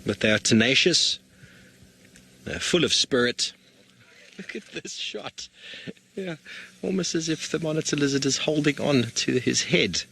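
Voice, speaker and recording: A man narrates a live wildlife sighting as a safari guide, speaking from outdoors in the bush. His voice is bright and a little husky, and his excitement shows in the way he restarts phrases as the action unfolds. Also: medium pitch, normal speed.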